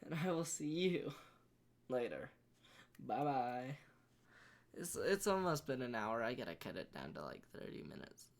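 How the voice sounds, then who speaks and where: A man tells a rambling, goofy story for his vlog in a deliberately put-on British accent. He speaks slowly, at a mid pitch, with a rambling, offbeat manner. It is recorded close on a studio mic with a pop filter. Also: sing-song, creaky. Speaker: vlogger.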